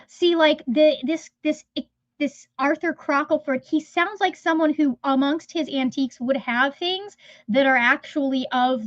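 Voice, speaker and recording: A high-pitched woman chats casually as a livestream host, rambling and restarting her sentences as she goes. Her voice is dry and close, with a slightly dull, lo-fi sound. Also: no echo. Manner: rambling, chatty, trails off mid-sentence. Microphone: phone.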